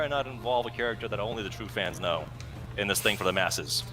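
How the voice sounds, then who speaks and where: A man's voice: lowish voice, fast talker, pushed and bright. A man co-hosting a gameplay video, talking in a musing, analytical, wordy way. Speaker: co-host gaming commentator. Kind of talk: casual gameplay chat.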